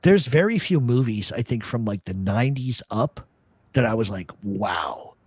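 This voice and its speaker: A talk host who swears freely and wanders from story to story. His husky voice leaps up and down as he talks. He is recorded close and dry, with no room sound. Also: medium pitch, moderate pace, no room sound. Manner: profane, rambling, animated storyteller. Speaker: podcast host. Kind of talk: casual chat.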